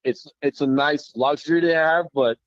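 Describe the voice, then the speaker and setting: A man's voice: on the high side, normal speed, no echo. A man calling into a sports show, polite and hesitant with many fillers. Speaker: caller, teacher. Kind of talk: call-in opinion. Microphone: phone line. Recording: dull phone-line audio.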